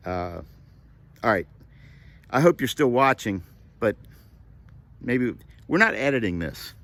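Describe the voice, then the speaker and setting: An older man, a comedian, talking to camera in a halting, heartfelt way with many pauses and fillers. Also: mid-range voice, sing-song, fairly bright tone, no room sound. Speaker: comedian vlogger. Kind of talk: reflective personal talk to camera.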